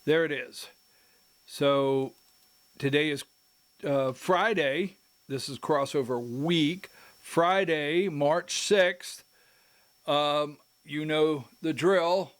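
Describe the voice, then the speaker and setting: Slow-talking man hosting a politics show. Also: a little high, a bit bright. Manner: rambling, self-interrupting, emphatic asides. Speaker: host.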